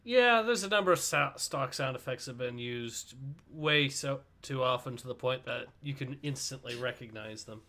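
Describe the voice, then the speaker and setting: A man's voice: mid-range voice, expressive, moderate pace, bright, forceful tone. A man co-hosting a livestream, chatting easily and reading out viewer comments. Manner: easygoing, reads viewer comments aloud. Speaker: livestream co-host. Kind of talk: casual chat.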